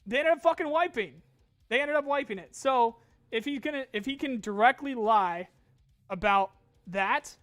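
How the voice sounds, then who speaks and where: High-voiced ranting gaming host. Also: male voice, fairly bright tone, no echo. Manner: ranting, swears, lots of restarts. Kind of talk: casual morning chat.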